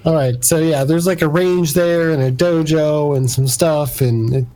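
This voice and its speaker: A man narrating as game master of a tabletop role-playing game, in a relaxed, halting way with many fillers. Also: on the high side, low-quality recording.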